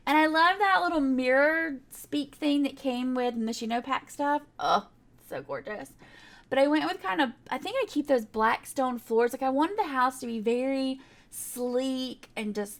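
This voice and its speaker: A woman's voice: high-pitched, animated, unhurried. A young woman, chatting casually in a rambling voiceover over her game build, full of fillers and little laughs. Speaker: game builder narrating a speedbuild.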